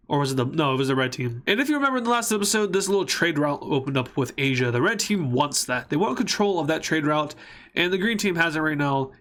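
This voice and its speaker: A young man with a slightly high voice talks through a map scenario with a casual, rambling ease. He breaks into jokey, self-mocking asides as if chatting with regular viewers. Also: fairly bright tone. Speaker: YouTube mapping channel host. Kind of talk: casual narration over a map.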